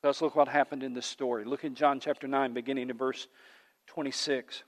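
A man's voice: medium pitch, level tone, brisk. A male pastor delivering a sermon to his congregation, with an emphatic, repetitive preaching cadence that builds and rises. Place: church sanctuary, livestreamed. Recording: long hall reverb.

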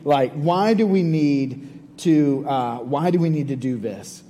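Man, pastor, earnest conversational sermon, mellow tone, long church reverb. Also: on the high side, unhurried. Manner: earnest, conversational preaching with repeated phrases. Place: church sanctuary. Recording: long hall reverb, faint hum.

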